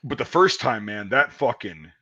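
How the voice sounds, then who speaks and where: A man's voice: medium pitch, expressive, normal speed, pushed and bright. A middle-aged man chatting casually as a podcast host, swearing freely and mimicking screams when he retells stories. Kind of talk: casual profane chat. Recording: dull lo-fi sound.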